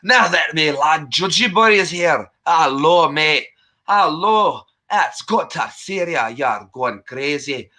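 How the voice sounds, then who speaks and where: A jolly, boastful fellow with a hammy mock Scottish brogue, as a man puts it on. The voice sits higher than usual and rides up and down in a lively, bright, sing-song way. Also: slow, full character voice.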